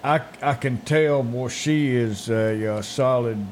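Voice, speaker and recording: A man co-hosting a casual morning show, laid-back, often giving short agreeing replies and speaking quietly when earnest. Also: medium pitch, slow, slight background noise.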